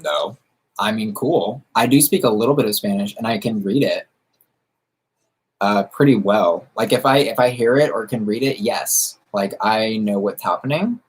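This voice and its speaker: A man's voice: on the low side, expressive, moderate pace, slightly rough. A man from the United States, a drag queen chatting casually on a livestream and answering viewers while doing makeup, campy and sassy with drag slang.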